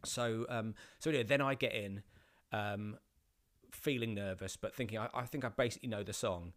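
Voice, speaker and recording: A man, an actor, telling a casual anecdote with many restarts and animated bursts. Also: on the low side, brisk. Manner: rambling with many restarts, rising to animated outbursts.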